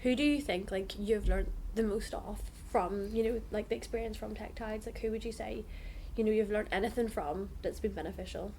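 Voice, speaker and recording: A woman's voice: mid-range voice, steady tone, brisk, warm tone, slight background noise. A young woman, a student hosting a podcast in a chatty, giggly way full of "like". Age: young adult. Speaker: podcast host, university student. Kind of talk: casual podcast chat.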